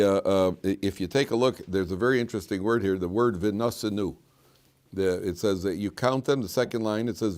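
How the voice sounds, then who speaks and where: Joking, rambling rabbi teaching a class. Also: male voice, fairly low pitch, a little mellow. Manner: joking, rambling with many restarts and fillers. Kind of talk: informal Torah class.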